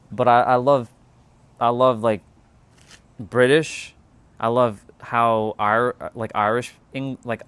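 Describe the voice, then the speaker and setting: A man's voice: medium pitch, fairly bright tone, clear, resonant tone, dry recording. A man from Canada, chatting casually on a livestream, rambling and restarting his words as he answers chat. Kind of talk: casual live-stream chat.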